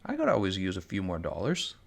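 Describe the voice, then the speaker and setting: A young male game streamer with a gravelly, creaky voice talking in a relaxed, chatty way. His pitch swings widely as he reacts and jokes. He reads viewer messages aloud and adds sarcastic asides. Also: fast talker. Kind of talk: casual gameplay commentary.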